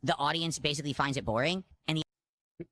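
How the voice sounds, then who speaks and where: A man's voice: on the high side, brisk, sharp tone, no room sound. A man streaming games, talking bluntly and complaining in a monologue. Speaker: game streamer.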